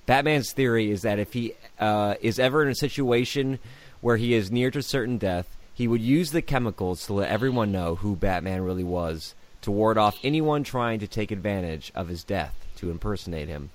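A man's voice: on the low side, normal speed. A man co-hosting a podcast in casual chat, reading through a list and joking along. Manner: reads list items aloud, jokey, laughs often. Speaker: podcast co-host.

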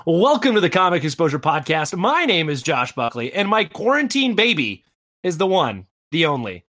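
Lively high-voiced male podcast host. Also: no room sound, clean studio sound. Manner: animated, quick, jokey. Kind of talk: casual chat.

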